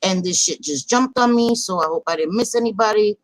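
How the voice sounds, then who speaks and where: A woman's voice: mid-range voice, a little fast, no echo, rough recording. A woman hosting a casual livestream, chatting loosely, swearing and greeting viewers by name. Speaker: livestream host.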